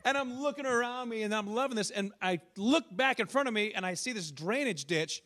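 A man's voice: sits high, expressive, brisk, fairly bright tone. A male pastor from the northern United States preaching a sermon in church, telling stories and asking the congregation questions.

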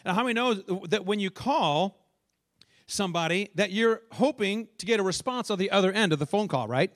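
High-voiced man preaching a sermon. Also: expressive, moderate pace. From northern United States. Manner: storytelling preacher, engages congregation with questions. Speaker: pastor. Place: church.

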